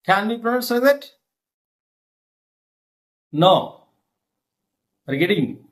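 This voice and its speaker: A middle-aged man, teaching slowly and repeating himself, often asking if the listener follows. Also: high-pitched, sing-song. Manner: slow, repetitive, checks understanding often. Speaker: English lecturer. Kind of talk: classroom-style teaching.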